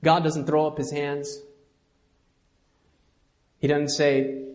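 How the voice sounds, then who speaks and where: A man preaching a sermon as pastor, swinging from quiet intimate asides to loud emphatic lines and leading the congregation to repeat after him. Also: on the high side, takes it slowly, pauses often. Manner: leads congregation in call-and-response.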